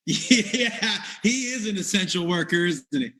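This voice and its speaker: A male comedy host with a high, bright voice, talking quickly over a video call. He laughs often and keeps the game moving. The tone is loose, casual chat. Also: expressive.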